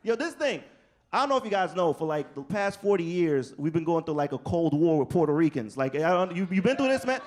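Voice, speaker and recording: Energetic, profane storytelling drives this New York comic's casual stand-up routine at a comedy club. He talks fairly fast in a voice pitched fairly high, keeping the delivery animated.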